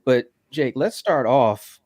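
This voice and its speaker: A man's voice: mid-range voice, expressive, slow pace, a little mellow, no echo, clean studio sound. A man hosting a casual horror podcast, laid-back and chatty, with many fillers and friendly asides. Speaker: podcast host.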